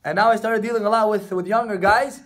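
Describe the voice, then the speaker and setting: Brief: male rabbi, high voice, casual class talk to a small group of students, acts out what people say. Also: steady tone, fast, a bit bright. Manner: conversational, addresses students directly, acts out quotes. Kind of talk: informal Torah class. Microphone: camera recording the class.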